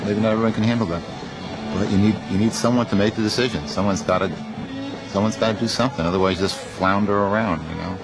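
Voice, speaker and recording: Very deep, matter-of-fact man. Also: fairly even intonation, fast talker, music in the background, rough recording. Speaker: band member. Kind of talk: documentary interview.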